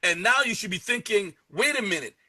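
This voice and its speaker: A man giving an energetic live sales pitch, repeating key words and joking with his chat audience. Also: brisk, slightly rough. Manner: energetic, repetitive, salesy, playful asides. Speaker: presenter pitching a travel membership.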